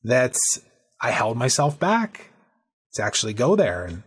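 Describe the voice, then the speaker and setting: A man hosting a podcast, telling stories in a lively, casual way. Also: mid-range voice, unhurried, slightly rough. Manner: animated storyteller, peppers talk with "right?" and "man". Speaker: podcast host.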